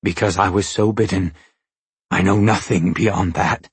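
A man voicing a timid bearded male metaphor creature who speaks in a husky, formal, old-fashioned way and begs. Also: deep voice, steady tone, unhurried, dry recording, exaggerated voice. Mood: pleading. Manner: archaic, pleading formal speech.

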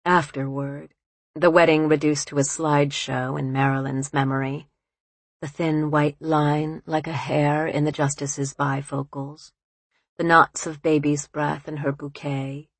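Low-voiced woman reading slowly. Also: dry recording. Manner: measured, even reading. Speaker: narrator. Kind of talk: audiobook narration.

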